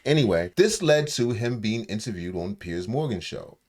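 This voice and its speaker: Animated man joking in slang. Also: lowish voice, normal speed. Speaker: podcast host. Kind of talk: casual chat.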